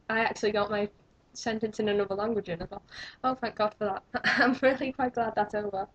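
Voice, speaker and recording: A young woman rambles cheerfully to her webcam, joking at her own expense. Her voice is husky and sits in a middle register. The sound is dull and lo-fi, as from a built-in camera mic. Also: mid-range voice, steady tone, a little fast. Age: young adult. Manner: rambling, self-mocking, chatty. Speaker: vlogger. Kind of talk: rambling casual vlog.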